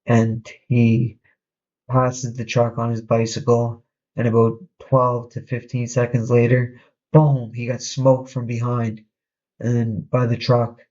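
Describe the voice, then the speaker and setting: A man hosting a podcast, casually telling a story in a halting way, with frequent restarts. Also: mid-range voice, monotone, darkish tone, lo-fi sound. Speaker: podcast host.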